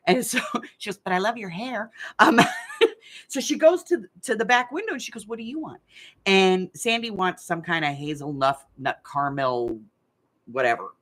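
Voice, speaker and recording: In a hot room at home, a middle-aged woman hosts a craft channel live game, chatting and telling rambling stories with plenty of laughs. Her voice sits on the low side, animated and fairly bright, at a moderate pace.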